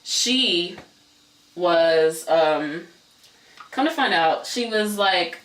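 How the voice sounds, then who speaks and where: A man vlogging a casual storytime, talking fast and loose with lots of filler words and the odd swear. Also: sits high, animated, fairly bright tone, distant mic. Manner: chatty, many "like" fillers, swears. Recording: echoey room, voice away from mic.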